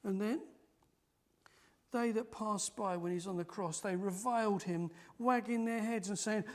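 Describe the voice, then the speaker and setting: A man preaching a sermon in a church, animated and lively, acting out the mockers' voices. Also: sits high, unhurried.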